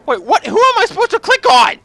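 High, bright-voiced sarcastic gamer man. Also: wildly swooping pitch, a little fast, vocal fry, slight background noise. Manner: rambling, sarcastic, jokey. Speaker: gameplay commentator. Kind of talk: let's play commentary.

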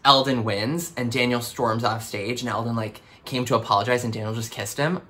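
Animated, bright-voiced Canadian man. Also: mid-range voice, fairly quick. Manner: animated, self-mocking, exclamatory. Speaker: actor reacting to his old show. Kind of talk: casual reaction commentary.

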